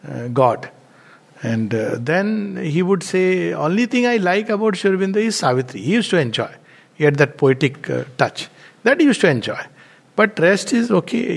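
A man's voice: mid-range voice, gravelly. A man giving a spiritual talk, telling anecdotes in a loose, storytelling way with fillers. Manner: anecdotal, warm storytelling with frequent fillers and laughs. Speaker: spiritual teacher.

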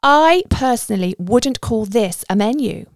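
A woman's voice: fairly high pitch, big pitch swings, normal speed, gravelly, a bit bright, no echo, studio quality, pitched above the performer's own voice, exaggerated voice. A woman voicing a rude, officious middle-aged tourist who talks sarcastically and aggressively. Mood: sarcastic.

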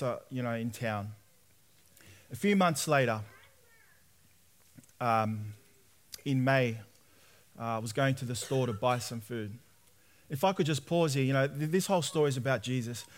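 A young man preaching, telling his own story and acting out the voices in it. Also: medium pitch. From Australia. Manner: animated storyteller, acts out quoted voices. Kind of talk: sermon testimony.

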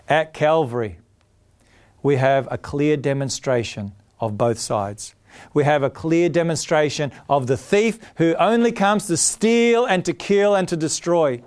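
A man's voice: a little high, a little mellow. A man preaching a sermon, earnest and emphatic, often repeating his key phrases.

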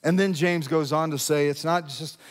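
Male pastor, preaching, rhetorical questions, slightly high voice, long church-hall reverb. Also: steady tone, normal speed. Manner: conversational preaching with rhetorical questions, rising to emphatic peaks. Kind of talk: sermon.

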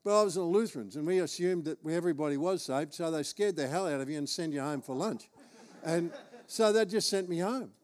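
A man's voice: on the high side, brisk, a little mellow. A man with an Australian accent, preaching as he tells a humorous, self-deprecating personal story. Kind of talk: storytelling sermon.

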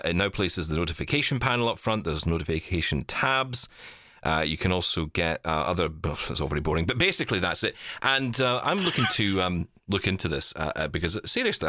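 Animated rambling male podcast host. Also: low voice, brisk, no echo, clean studio sound. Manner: rambling, animated, self-deprecating. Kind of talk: casual panel chat.

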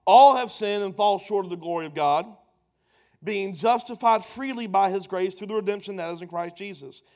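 A man preaching a sermon, emphatic and playful, swelling to loud lines. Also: sits high, normal speed. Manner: emphatic, building to loud punchlines, playful asides.

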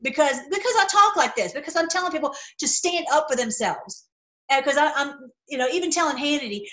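Brief: middle-aged woman, high voice, impassioned solo commentary, stumbling restarts. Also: a little fast, fairly bright tone, poor audio. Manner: impassioned, heated, repetitive restarts. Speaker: video commentator. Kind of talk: casual opinion monologue.

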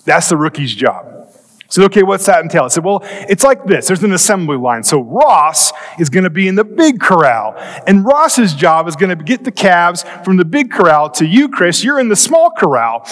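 Animated high-voiced man preaching in a reverberant church. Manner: animated, comic storytelling with quick bursts and drawn-out pauses. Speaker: pastor. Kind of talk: storytelling sermon. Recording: long hall reverb.

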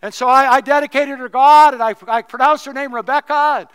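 A man's voice: very high voice, steady tone, a little fast, a bit bright. A middle-aged male pastor preaching a sermon, telling a personal story in a conversational, humorous way.

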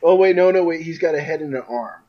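A man co-hosting a comic-book podcast, animated and acting out characters' lines in paraphrase. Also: fairly high pitch, quick pace. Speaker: podcast co-host. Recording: dull lo-fi mic.

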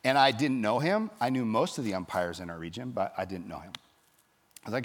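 A man pastor preaching a sermon, telling a story in a lively way and acting out the people in it. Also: fairly low pitch, brisk. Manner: storytelling, animated, acts out quoted voices.

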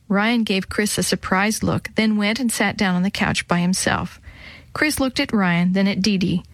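A woman narrating a children's story in a friendly, clear way, acting out the characters. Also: medium pitch, unhurried, dry recording.

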